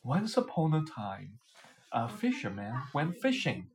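A woman reading a children's picture book aloud, with expressive, animated storytelling. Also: low voice, a little slow. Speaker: storybook reader.

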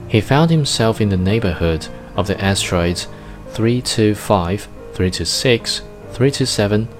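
A man narrating a storybook in a slow, careful reading. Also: low voice.

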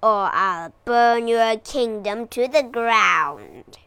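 A menacing, greedy scaly dragon from a storybook, snarling his demands in a low, gloating voice, as a woman reads him. He drags his words out very slowly. His tone swings widely between growls and outbursts. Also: animated, bright, forceful tone, smooth, dry recording, heavily acted. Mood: threatening. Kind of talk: storybook reading.

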